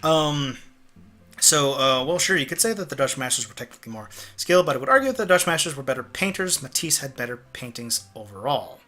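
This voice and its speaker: A young man streaming a game, chatting excitably and cursing, rambling between game lines. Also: medium pitch, a little fast, soft background music. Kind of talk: let's play commentary.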